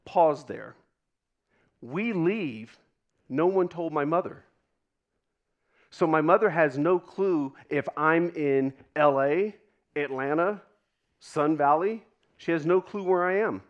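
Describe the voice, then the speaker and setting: A man speaks from a stage to a live audience in a slightly higher-than-usual voice. He tells a personal story with dramatic pauses. At tender moments he drops almost to a hush. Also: highs cut off. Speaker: keynote speaker.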